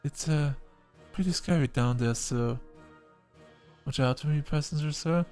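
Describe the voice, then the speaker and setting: A dutiful, slightly nervous AI navigator in a spoken storybook, as a male narrator puts her on, speaking in a raised, formal and courteous register. Her words are crisp and respectful, and she keeps addressing her passenger as sir. Faint music sits underneath. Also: on the high side, measured pace, mellow, voice pushed up, natural voice. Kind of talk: audiobook character voice.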